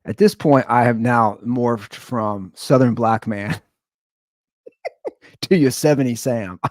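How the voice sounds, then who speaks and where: A man's voice: mid-range voice, takes it slowly, no echo, studio quality. A man hosting his show, giving amused, rambling commentary on a prank call. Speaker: show host. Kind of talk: casual commentary.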